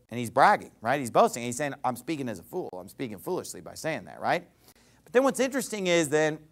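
A man preaching a verse-by-verse sermon, reading scripture in a rising, emphatic cadence and swinging between loud emphasis and quiet asides. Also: mid-range voice. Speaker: pastor.

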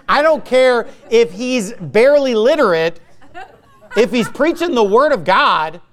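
High-voiced pastor preaching a combative sermon. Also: male voice, smooth. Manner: lively, swings between loud and quiet.

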